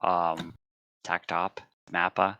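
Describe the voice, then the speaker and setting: Deep, slow male co-host, dry and hesitant, bright tone. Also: little pitch movement, smooth, dry recording. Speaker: podcast co-host. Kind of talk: casual podcast chat.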